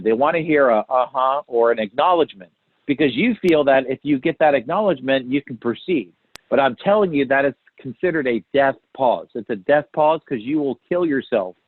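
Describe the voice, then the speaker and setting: A man's voice: mid-range voice, no room sound. Man training phone sales callers on a tinny line. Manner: talks to trainees, checks in with "right?" and "okay?". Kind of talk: recorded training talk. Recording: tinny phone-like dry recording.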